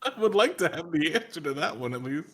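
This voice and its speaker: An excitable man in a casual podcast chat laughs often. His pitch swings widely as he talks. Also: quick pace.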